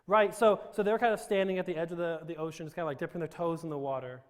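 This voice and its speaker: A man's voice: on the high side, fairly even intonation, very fast, smooth. A man from Romania telling his life story to a live audience with self-deprecating jokes and rambling restarts. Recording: reverberant hall.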